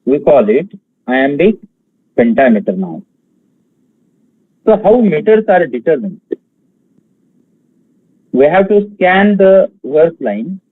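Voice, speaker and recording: A man from India giving an online exam-prep lecture, talking slowly with many fillers and pausing to count out syllables and stresses. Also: on the high side, slightly rough, no room sound, narrow, tinny audio. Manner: slow, halting delivery with many fillers, counting out feet and stresses.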